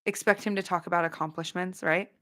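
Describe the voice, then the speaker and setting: A woman hosting a casual livestream, chatting bluntly with viewers, with quick asides and no filter. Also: fairly low pitch, fairly even intonation, a bit bright. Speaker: livestream host.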